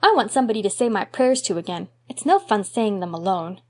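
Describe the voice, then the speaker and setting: A woman's voice: mid-range voice, brisk. A woman reading an audiobook, voicing an eager, mischievous little boy in a raised, childlike voice. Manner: excitable, pleading, childlike.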